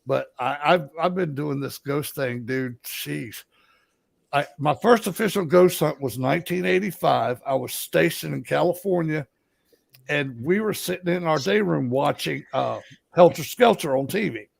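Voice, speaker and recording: A man's voice: a little high, expressive, measured pace, vocal fry, dry recording. A middle-aged man from Alabama with a Southern accent, telling ghost stories as a co-host in a folksy, rambling, casual way. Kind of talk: casual storytelling chat.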